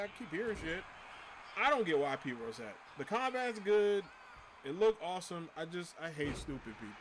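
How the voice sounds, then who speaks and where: A man talking to his live stream viewers in a loose, casual way, ranting and cursing with an easy laugh. His voice sits a little high for a man and swings widely up and down as he gets worked up. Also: slight background noise. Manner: animated ranting, laughs often, swears. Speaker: livestreamer. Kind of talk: casual livestream chat.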